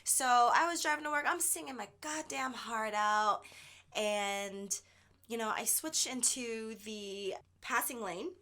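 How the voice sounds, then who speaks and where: A woman co-hosting a podcast, telling a story in animated casual chat with plenty of swearing. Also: a little high, a little slow. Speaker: podcast co-host.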